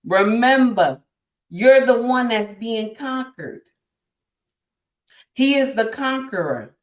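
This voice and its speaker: A woman's voice: a little high, lively intonation, slow pace, roomy sound. A woman hosting a casual relationship talk to her live chat, emphatic and repetitive, calling listeners honey and my dear. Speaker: livestream host.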